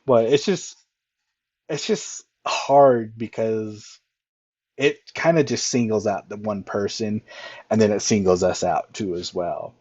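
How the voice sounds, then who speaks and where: A man's voice: on the low side, slow pace, darkish tone, slightly rough, no room sound. A man coach chatting casually in an easygoing way, full of fillers and laughs. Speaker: basketball coach. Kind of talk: casual conversation. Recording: dull lo-fi sound.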